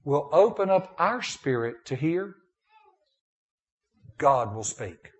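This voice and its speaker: A man preaching a sermon as pastor, moving between emphatic and hushed tones. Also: a little high, big pitch swings, takes it slowly. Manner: preaching with rising and falling intensity, dropping to a hushed prayer.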